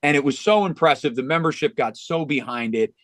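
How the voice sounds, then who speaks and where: A man's voice: fairly high pitch, a little fast, fairly bright tone, no echo. Earnest man telling a heartfelt story. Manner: earnest, with frequent restarts and "you know". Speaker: golf club director of instruction, podcast guest.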